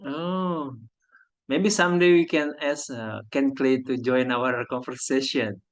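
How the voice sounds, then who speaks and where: Slow, halting man hosting a chat. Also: medium pitch, steady tone. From Indonesia. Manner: halting, searching for words. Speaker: host. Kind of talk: casual conversation on a video call.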